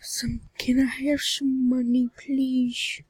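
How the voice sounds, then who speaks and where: A woman's voice: high-pitched, level tone, takes it slowly, darkish tone, slightly rough, dry recording. A woman giving casual gameplay commentary, rambling and often exclaiming and grumbling as she plays. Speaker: gameplay video creator.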